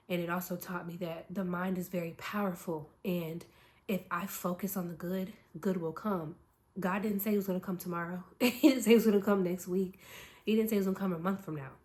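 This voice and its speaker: A woman speaking earnestly to her viewers with features, giving a motivational talk and driving her points home with repetition. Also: on the low side. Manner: earnest, emphatic, repeats points with "okay?". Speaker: spiritual content creator.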